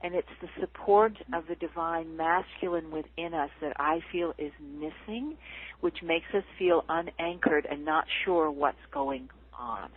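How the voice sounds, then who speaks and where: A woman's voice: sits low, measured pace, slightly rough. A woman spiritual healer talking casually and animatedly, laughing often and acting out the voices she quotes. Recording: tinny phone line.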